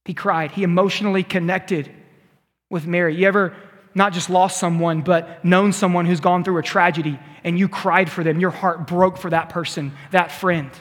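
A man preaching a sermon as a youth pastor, animated and playful, acting out scenes. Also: high-pitched, normal speed. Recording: long hall reverb.

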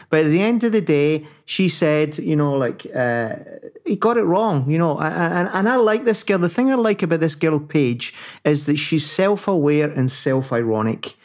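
A man co-hosting a casual talk show, chatty and rambling, full of fillers and restarts. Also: fairly high pitch. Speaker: podcast co-host. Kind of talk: casual chat.

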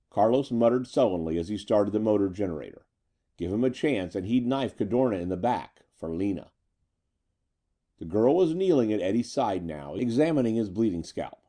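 A man narrating a pulp story in an expressive, dramatic reading. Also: on the low side, moderate pace. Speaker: audiobook narrator.

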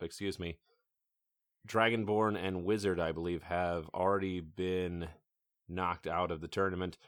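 A man hosting a tabletop role-playing show, giving announcements and narrating as game master in a relaxed way with many filler words. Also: sits low, no echo, clean studio sound.

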